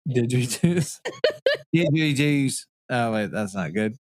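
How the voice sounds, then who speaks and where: A man in casual podcast chat who swears freely and laughs a lot. His voice sits at an ordinary middle pitch. The recording is dry, with no room echo. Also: expressive, measured pace. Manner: loose, profane, laughing often. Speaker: podcast host.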